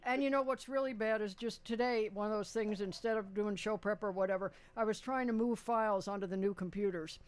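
A man's voice: high voice, steady tone, brisk, hardly any pauses, clear, resonant tone. A man hosting a radio show, chatting casually with a caller and rambling through details with many fillers. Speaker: radio host. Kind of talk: casual on-air chat with a caller.

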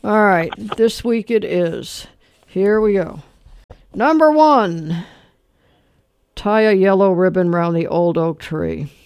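A man's voice: sits high, lively intonation, slow pace, long pauses, darkish tone, clean tone, no echo. Older male radio host, chatty quiz-master, close dry studio mic. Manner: chatty, laughing storyteller, quizzing callers. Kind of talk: call-in oldies quiz show. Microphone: studio microphone.

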